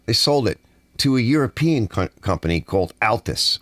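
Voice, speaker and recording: An American channel host rants in a casual monologue from his home garage studio, exasperated and animated, softening his swear words as he complains. His pitch swings lively while his pace stays normal, and the recording sounds dry, like a studio.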